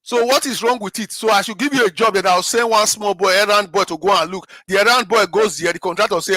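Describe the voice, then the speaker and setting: A middle-aged man with a Nigerian accent holds forth on politics in a high, bright voice. He is emphatic and keeps repeating himself, firing off rhetorical questions. The sound is dry and close. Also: fast, few pauses, no echo. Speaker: panel guest. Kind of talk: impassioned political commentary.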